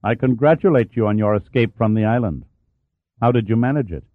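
A man's voice: mid-range voice, brisk, no echo, narrow, tinny audio, close to an everyday voice. A man voicing a cold, formal, menacing middle-aged Soviet general. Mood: icy.

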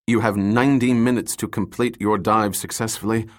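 A man voicing a calm, menacing male commando leader in an audiobook, speaking slowly, quietly and with cold politeness. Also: lowish voice, lightly acted. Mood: cold menace. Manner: slow, quiet, coldly polite. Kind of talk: audiobook character voice.

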